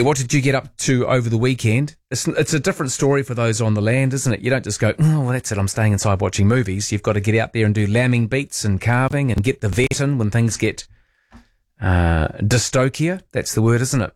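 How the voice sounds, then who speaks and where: A man's voice: medium pitch, a little fast, darkish tone, dry recording, studio quality. A man with a New Zealand accent hosting late-night talkback radio, chatty and rambling as he searches for words. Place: radio studio.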